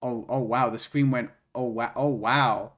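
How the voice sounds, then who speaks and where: A man streaming a video game, reacting out loud with swearing, laughter and shrieks of excitement. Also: medium pitch, normal speed, soft background music.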